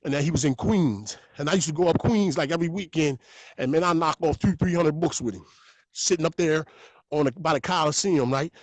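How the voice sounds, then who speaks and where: A man with a somewhat high voice, talking as a guest on a podcast. He tells his stories in an animated, profane, street-talk manner. The recording is dry and close, with no room sound. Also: brisk, no room sound.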